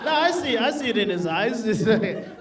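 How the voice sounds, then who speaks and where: Male comic, high voice, crude and brash, heard from across a club over a loud crowd. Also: very animated, moderate pace. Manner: brash, crude, laughing at his own jokes. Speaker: stand-up comedian. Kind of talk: stand-up comedy set. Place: live comedy club. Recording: distant stage mic, loud crowd. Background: audience laughter.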